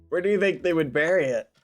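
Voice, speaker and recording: A man's voice: on the high side, slightly rough. A man streaming a game, asking questions in a playful, giggly way. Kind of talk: casual game stream roleplay.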